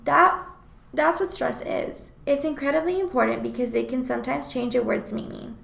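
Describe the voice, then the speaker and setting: Student presenter, woman, very gravelly voice with a slightly high pitch, explanatory read, roomy echo. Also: normal speed, a bit bright. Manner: explanatory, reads prepared text. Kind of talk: reading a scripted class presentation.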